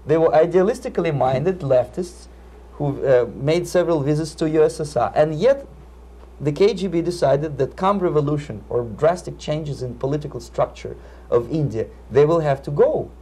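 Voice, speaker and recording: A man with a Russian accent answering interview questions in a measured, emphatic way, often repeating words. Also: a little high, dark tone, slightly rough. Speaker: interviewee, Soviet defector. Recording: 1980s video interview.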